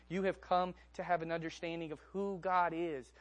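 Young male preacher, fairly high voice, storytelling sermon, drops to a hush and then builds to emphasis. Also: little pitch movement, brisk, few pauses. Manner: storytelling, swings from hushed to emphatic.

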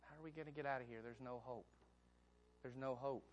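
A man's voice: mid-range voice, fairly even intonation, a little fast, muffled recording, a little hiss or hum, natural voice. A man acting out a caged male pilgrim who moves from despair to fervent hope.

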